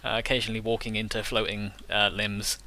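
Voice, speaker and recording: Bright-voiced man running a tabletop game. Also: lowish voice, level tone. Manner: halting, full of restarts and fillers. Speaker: game master.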